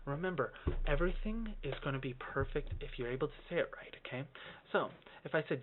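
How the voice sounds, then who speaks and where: A man's voice: fairly high pitch, lively intonation, a little fast, narrow, tinny audio, slight background noise. Guy explaining how to sing phrases, keeps asking okay?, sounds like it's coming through a phone. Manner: explains in loose bursts, ends points with "okay?". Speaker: singing teacher. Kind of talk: casual music lesson.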